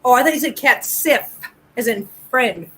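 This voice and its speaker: A woman's voice: fairly high pitch, lively intonation, moderate pace, fairly bright tone, husky. A woman co-hosting a casual live stream, teasing and joking. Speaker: co-host.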